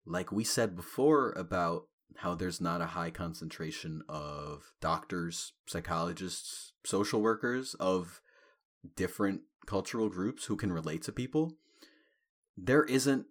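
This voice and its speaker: A man of Caribbean background co-hosting a podcast, talking in a relaxed, reflective way and laughing often. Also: low voice, unhurried. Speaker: podcast co-host. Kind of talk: casual podcast chat.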